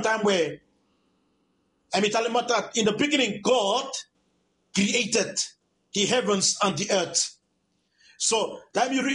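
A man's voice: high voice, fairly bright tone, a little hiss or hum. A man from Vanuatu with a Vanuatu accent preaching a radio sermon, emphatic and repetitive, stacking up his phrases.

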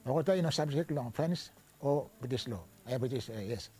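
An older man from Vanuatu with a Bislama-speaking Ni-Vanuatu accent, recounting his life story in a halting way, with restarts and fillers. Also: mid-range voice, darkish tone, slightly rough. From Vanuatu (New Hebrides). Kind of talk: recounting personal history.

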